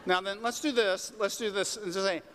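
A pastor with a slightly high voice preaches in a relaxed, conversational way, pushing up into emphatic peaks. His voice carries the long reverb of a big church hall, with faint noise underneath. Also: brisk. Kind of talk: sermon. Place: church sanctuary.

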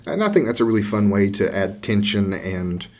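A man from Georgia co-hosting a tabletop gaming podcast, chatting casually with jokes and halting restarts. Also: fairly low pitch, very animated, a little mellow, a little hiss or hum. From Georgia, USA. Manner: joking, self-deprecating, halting with restarts. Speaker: podcast co-host. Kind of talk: casual chat.

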